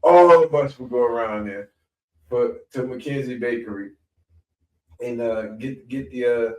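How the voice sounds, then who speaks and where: A middle-aged man telling a story in a rambling, animated way, often repeating himself as a podcast guest. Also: medium pitch, unhurried. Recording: echoey room, mic at a distance.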